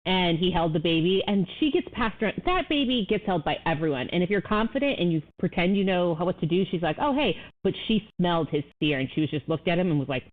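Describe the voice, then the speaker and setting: A woman co-hosting a podcast in casual chat, telling lively stories and mimicking people. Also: lowish voice, fast, hardly any pauses. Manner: animated storyteller, mimics voices. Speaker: podcast co-host. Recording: tinny phone-like line.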